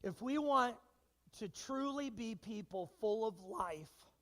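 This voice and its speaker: A man preaching a sermon as pastor, animated and engaging his congregation with questions and acted-out quotes. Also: high-pitched, takes it slowly, in a large hall. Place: church sanctuary.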